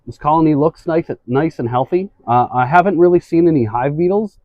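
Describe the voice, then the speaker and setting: A man's voice: on the high side, fairly quick, dry recording, lo-fi sound. A man working as a beekeeper, patiently explaining what he does while he inspects a hive outdoors. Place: outdoors at a beehive.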